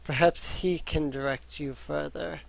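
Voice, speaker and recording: A man voicing a weary, busy male temple cleric who speaks in a sighing, measured way. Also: on the high side, fairly even intonation, gravelly, dry recording, rough recording. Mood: tired.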